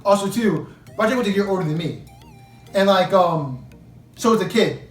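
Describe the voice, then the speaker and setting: A man's voice: high-pitched, animated, moderate pace, soft background music. A young man telling a casual story about his past, rambling and slangy, packed with "like". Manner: rambling, heavy use of "like", slangy. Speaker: storyteller vlogger. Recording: echoey room, mic at a distance.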